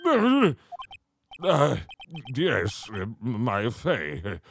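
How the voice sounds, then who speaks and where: A man's voice: mid-range voice, huge pitch swings, drawn-out words, background noise, full character voice. A man voicing a grumbly, pompous older male lawyer who drawls, hesitates and chuckles. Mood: gruff. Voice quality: gravelly, grumbly. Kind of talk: streamer voicing game dialogue.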